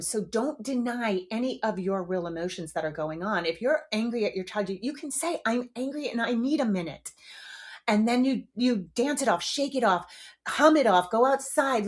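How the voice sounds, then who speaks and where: A woman's voice: fairly high pitch, normal speed. A middle-aged woman hosting her own podcast, talking frankly and casually with the odd swear word. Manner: frank and chatty, a swear here and there. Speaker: podcast host. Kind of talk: casual solo podcast talk.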